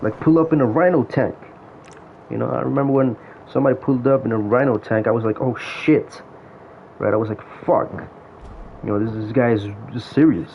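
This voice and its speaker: Over dull lo-fi audio with faint noise, a male gaming vlogger swears his way through casual stories about past times in an online game. His gravelly, mid-range voice stays fairly even in intonation and moves at a quick pace.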